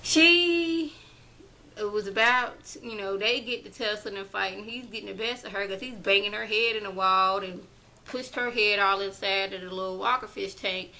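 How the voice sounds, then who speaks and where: A woman recapping a TV episode in a chatty, animated way, now and then acting out characters' lines in her own voice. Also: mid-range voice, normal speed, rough recording. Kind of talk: casual recap.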